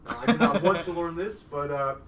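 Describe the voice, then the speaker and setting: A man's voice: a little high, fairly quick, fairly bright tone. A man in his twenties co-hosting a podcast, cracking jokes and laughing often. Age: 20s. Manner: joking, wisecracking, laughs a lot. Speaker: podcast co-host. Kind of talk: casual chat. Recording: roomy, distant mic with faint hiss.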